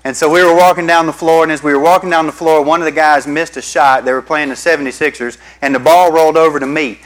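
A man's voice: on the high side, fairly even intonation, fast talker, rough recording. A male pastor, preaching a sermon and telling stories to the congregation. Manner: storytelling, addresses the congregation as y'all.

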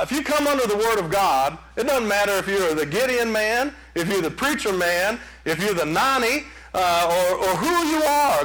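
A man preaching a sermon, telling folksy stories in an animated way. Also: sits high, poor audio. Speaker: pastor.

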